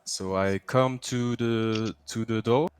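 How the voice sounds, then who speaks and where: Male player on a voice call, smooth and resonant, stops and restarts. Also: lowish voice, steady tone. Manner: halting, restarting. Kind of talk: casual tabletop play.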